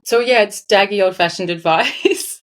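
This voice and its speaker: A woman, a financial advisor talking as an interview guest in a lively, emphatic way with frequent laughter. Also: mid-range voice, moderate pace. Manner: animated, laughs often, emphatic. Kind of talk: casual interview chat.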